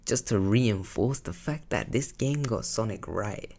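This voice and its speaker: A man's voice: on the low side, expressive, measured pace, creaky, darkish tone, a little hiss or hum. A young man giving casual, reflective analytical commentary on a video game series. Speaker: video essayist. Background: background music.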